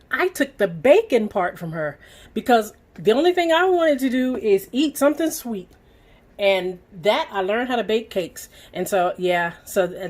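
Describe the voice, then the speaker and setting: Middle-aged Southern woman, home cooking host, chatty and folksy, mid-pitched voice, kitchen setting. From Southern United States. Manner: folksy, talks straight to viewers while stirring.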